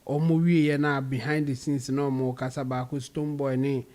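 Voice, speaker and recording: A man with a Ghanaian accent, speaking haltingly on a talk-show panel. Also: mid-range voice, flat delivery, darkish tone. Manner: halting, mixing English and Twi. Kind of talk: casual panel chat.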